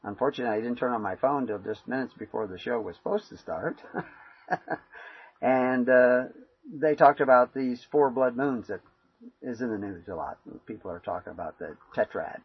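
Husky-voiced man preaching casually. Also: mid-range voice, normal speed, dull audio. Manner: rambling, conversational, many fillers. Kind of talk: informal sermon.

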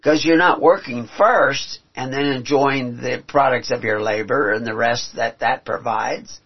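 A man's voice: medium pitch, breathy edge. Earnest male preacher, lo-fi recording. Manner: earnest, rising to emphatic peaks, halting restarts. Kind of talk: sermon with scripture reading. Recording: dull lo-fi recording.

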